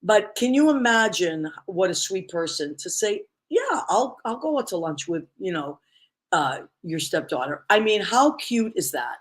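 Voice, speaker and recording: A woman's voice: medium pitch, very animated, measured pace. Effusive woman host telling a story. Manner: effusive, storytelling with many exclamations. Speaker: talk show host. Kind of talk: casual interview chat.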